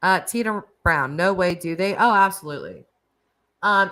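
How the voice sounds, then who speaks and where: Bright-voiced, chatty woman streamer. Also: lowish voice. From United States. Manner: chatty, laughing, reacting to viewer comments. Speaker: livestream host. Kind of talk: casual live chat reading comments.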